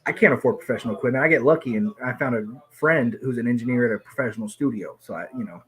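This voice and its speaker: A man in casual podcast chat, tipsy, talking fast with lots of swearing and sudden excitable outbursts, often putting himself down. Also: mid-range voice. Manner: fast, profane, excitable, self-deprecating.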